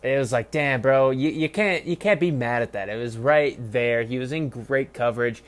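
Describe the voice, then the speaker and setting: Here a young sports podcast host reviews football on his own at a normal speed. His talk is casual, rambling and mocking, full of swearing, and it swings from loud outbursts to quiet muttering.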